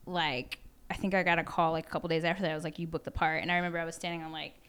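A woman's voice: sits low, very fast, smooth. A woman in a casual chat, telling a story with lots of fillers. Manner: animated storyteller, many fillers, laughs often. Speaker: guest.

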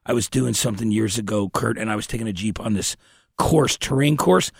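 A man hosting a podcast, telling stories in an animated, emphatic way during a casual interview. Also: fairly low pitch, fairly quick, vocal fry, slightly rough, no echo, studio quality. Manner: animated storyteller, lively and emphatic. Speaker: podcast host.

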